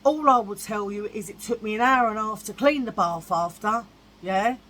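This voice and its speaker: A woman's voice: mid-range voice, normal speed, a bit bright, slight background noise, rough recording. A woman vlogging in a blunt, chatty way, repeating herself for emphasis. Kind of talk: casual chat.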